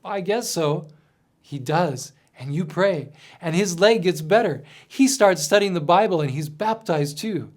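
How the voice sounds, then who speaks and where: An earnest man tells a story straight to the listener, voice pitched a little high. He reads from a script and sinks to a quiet hush at tender moments. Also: expressive, measured pace. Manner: earnest, gently dramatic storytelling with soft drops. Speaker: mission storyteller. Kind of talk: scripted second-person narration.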